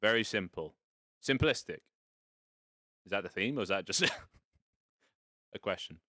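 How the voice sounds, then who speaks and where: A man's voice: on the low side, expressive, a little slow, bright, forceful tone, no room sound, clean studio sound. A man casually hosting a live stream from inside virtual reality, rambling and playful with some casual swearing. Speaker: VR streamer hosting a fashion show. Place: indoors in a home VR setup.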